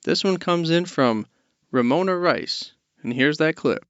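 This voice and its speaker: A man's voice: on the high side, expressive, measured pace, fairly bright tone, clear, resonant tone, dry recording. A male podcast host giving casual commentary between listener clips, chuckling as he retells a story. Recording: dull dry studio sound.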